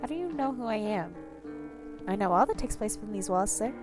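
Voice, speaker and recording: A woman's voice: medium pitch, expressive, brisk, music in the background, lightly acted. A woman voicing an overly formal, mysterious man who speaks with fussy, ornate politeness. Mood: pompous.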